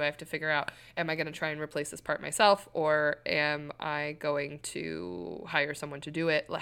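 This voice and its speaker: A young adult woman co-hosting a podcast, telling a personal story in casual chat with candid, animated delivery. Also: sits low, vocal fry. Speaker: podcast co-host.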